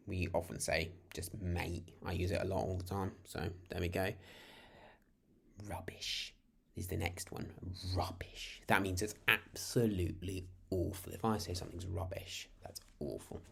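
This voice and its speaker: A British man with a very low voice gives a relaxed, informal lesson straight to camera. He rambles in a friendly way and often restarts his sentences as he talks. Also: a little slow, creaky, slightly rough. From United Kingdom. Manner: chatty, rambling, full of restarts. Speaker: language teacher.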